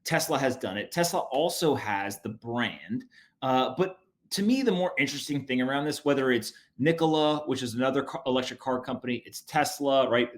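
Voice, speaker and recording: Joking, energetic male podcast host. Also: mid-range voice, normal speed. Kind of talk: casual chat and ad read.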